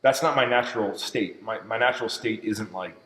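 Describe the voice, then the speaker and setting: A man talking as a podcast guest, animated, repeating himself and restarting sentences. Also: on the low side, a little fast. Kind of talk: casual chat. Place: gym. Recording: roomy reverberant hall.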